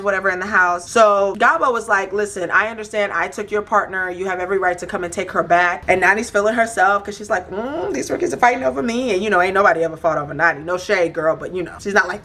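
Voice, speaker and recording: A chatty woman recaps a reality show in an animated, gossipy flow, slipping into quick impressions of the cast. Her voice sits a little low for a woman. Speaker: recap host.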